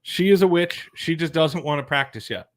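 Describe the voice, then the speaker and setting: A man co-hosting a live show, telling rambling, animated stories in casual, profane banter from a studio. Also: fairly high pitch, normal speed. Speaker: co-host. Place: radio studio.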